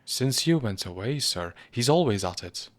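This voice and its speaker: A man voicing a cold, prim male butler in a storybook reading, speaking in a cool, soft, deferential manner. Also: medium pitch, animated, normal speed, pitched above the performer's own voice, lightly acted.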